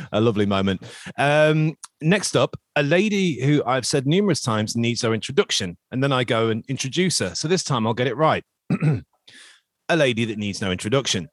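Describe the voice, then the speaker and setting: A man hosting a chatty podcast, full of jokey, self-mocking banter. His voice sits at an ordinary middle pitch. The sound is dry and close, with no room around it. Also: lively intonation, normal speed, no echo. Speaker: podcast host. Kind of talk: casual podcast chat.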